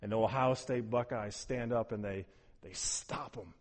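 A man preaching a sermon as pastor, animated, swinging between hushed, soft passages and loud, emphatic ones. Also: fairly low pitch, normal speed, big-room sound.

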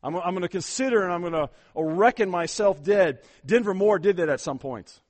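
Male pastor with a slightly high voice, emphatic sermon delivery, repeats words. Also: fairly quick, darkish tone. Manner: emphatic, urging the congregation, frequent repeated words.

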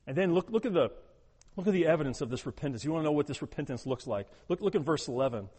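A man preaching a sermon as pastor, talking with emphasis, repeating words, and moving between loud urging and quiet prayerful tones. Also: a little high, lively intonation, fast, breathy edge, long reverb tail.

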